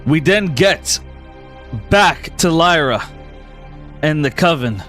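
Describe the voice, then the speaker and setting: A man's voice: a little high, lively intonation, slow, a bit bright, soft background music. A man narrating as game master, guiding players through a tabletop role-playing session.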